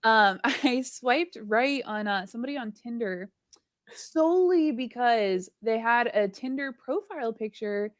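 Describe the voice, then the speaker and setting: A woman's voice: on the high side, animated, measured pace, no room sound, studio quality. A woman co-hosting a casual livestream chat, telling a story with frequent laughs and lots of "like" fillers. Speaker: livestream co-host.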